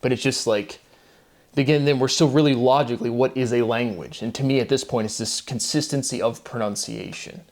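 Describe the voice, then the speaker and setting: Male host, mid-pitched, solo rambling monologue, lots of fillers and restarts. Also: steady tone, brisk. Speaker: channel host.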